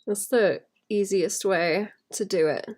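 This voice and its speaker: A woman who illustrates, chatting casually and thinking aloud while she draws, rambling and laughing softly. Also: mid-range voice, slow pace. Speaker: illustrator streaming while drawing. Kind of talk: casual chat while drawing.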